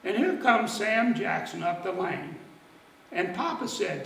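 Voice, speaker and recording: A man telling a folksy story in dialect at a church service, animated and lively. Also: high-pitched, measured pace, vocal fry, roomy sound, distant mic, slight background noise, low-quality recording. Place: church sanctuary.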